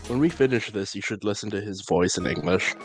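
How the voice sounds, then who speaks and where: A man's voice: lowish voice, a little fast, faint music behind. A man co-hosting a live gaming podcast, chatting casually with dry, teasing remarks. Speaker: podcast co-host.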